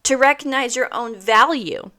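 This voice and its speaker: A woman's voice: high voice, moderate pace, bright, forceful tone. A woman in her thirties giving a blunt, emphatic motivational monologue, swearing freely and repeating her points for weight. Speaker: host.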